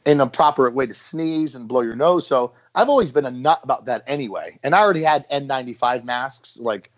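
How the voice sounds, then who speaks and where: A man telling stories in a casual podcast chat, animated and acting out what people said. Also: medium pitch, brisk. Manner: storytelling, animated, acts out quotes. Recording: dull lo-fi podcast audio.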